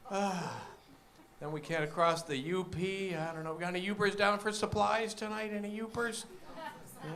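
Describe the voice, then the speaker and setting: A stand-up comedian man from the Detroit area delivering deadpan one-liners with wry asides. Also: sits high, normal speed, a crowd in the background. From Michigan, Detroit area.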